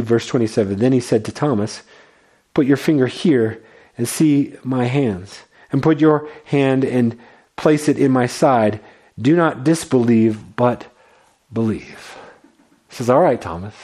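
A man preaching a sermon as a pastor, earnest, often repeating his words and moving between lively and quiet passages. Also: medium pitch, slightly rough.

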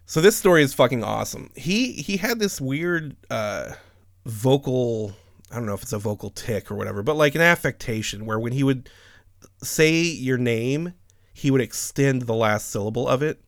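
Speaking at a moderate pace with a creaky, medium-pitched voice, a male podcast host animatedly relates a funny workplace tale, full of swearing and frequent laughter. The studio sound is clean, without any room sound.

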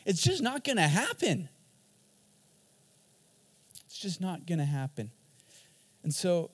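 A man preaching a sermon in an energetic, joking and emphatic way. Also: on the high side, long reverb tail. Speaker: pastor.

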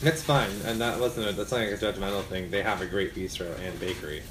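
A man's voice: sits low, steady tone, quick pace, a loud crowd. Blunt man swearing in a roomy space. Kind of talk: casual chat.

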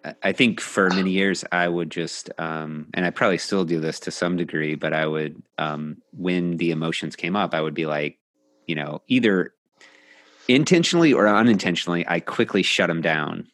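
Low-voiced reflective man, dry sound. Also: a bit bright, dry recording. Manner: reflective, measured, many pauses and fillers. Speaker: coach and host. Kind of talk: casual podcast conversation.

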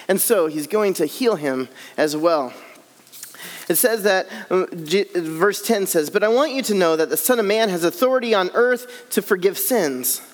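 Camp speaker, male, high-pitched, acts out scripture scenes, long hall reverb. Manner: dramatic, acts out scenes, drops low and soft for scripture quotes. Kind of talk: storytelling sermon.

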